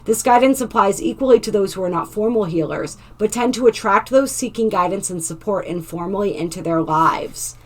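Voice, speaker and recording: A woman hosting a spiritual oracle card reading, gently reading card text aloud and adding asides to her viewers. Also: medium pitch, brisk, few pauses.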